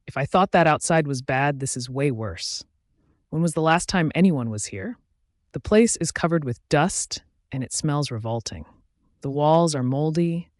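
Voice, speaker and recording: A man narrating a werewolf romance audiobook in the first person, reading in a steady, dramatic way. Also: medium pitch, no echo, studio quality.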